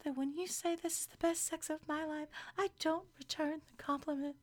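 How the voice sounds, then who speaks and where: A woman voicing a dreamy, odd young woman in a breathy whisper, as whispered role-play. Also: sits high, fairly even intonation, brisk, pitched above the performer's own voice, close to an everyday voice.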